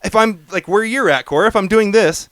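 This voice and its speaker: A man's voice: high-pitched, a little fast, a bit bright, dry recording, clean studio sound. A young man co-hosting a podcast, telling a story in casual, profane chat. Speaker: podcast co-host.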